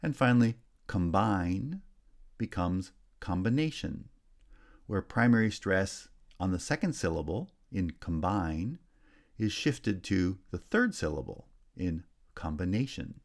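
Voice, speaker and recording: A man teaching a linguistics lesson, explaining clearly and checking in with "right?". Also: low-pitched, very animated, a little slow. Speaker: linguistics instructor. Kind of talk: recorded lecture.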